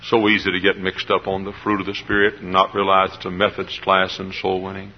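A man's voice: sits low, flat delivery, moderate pace, long reverb tail. An older man preaching a sermon with fervor, often repeating his phrases. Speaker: pastor. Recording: dull lo-fi sermon recording.

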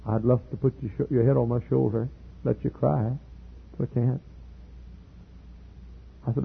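A middle-aged male pastor telling a story in a sermon, earnest, repeating words and building to loud emphatic peaks. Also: medium pitch, steady tone, normal speed, gravelly, long pauses, husky. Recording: tinny lo-fi sermon tape.

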